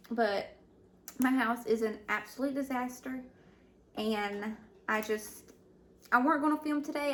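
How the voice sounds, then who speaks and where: A stay-at-home mom vlogging at home in casual chat, hesitant with many fillers and restarts, sounding overwhelmed and emotional. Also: female voice, fairly high pitch, gravelly, a bit bright, a little hiss or hum. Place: at home indoors. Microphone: camera mic.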